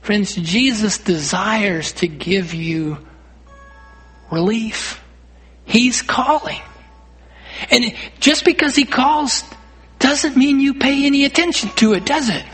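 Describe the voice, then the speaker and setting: Husky high-voiced man preaching. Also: takes it slowly, pauses often, a bit bright. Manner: earnest, rising to emphatic calls, repeats words. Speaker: pastor. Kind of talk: sermon. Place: church.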